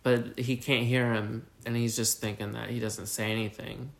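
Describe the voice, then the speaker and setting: A man's voice: mid-range voice, little pitch movement, moderate pace, creaky. A man co-hosting a podcast, recapping a story in casual, rambling, jokey chat full of fillers. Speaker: podcast co-host.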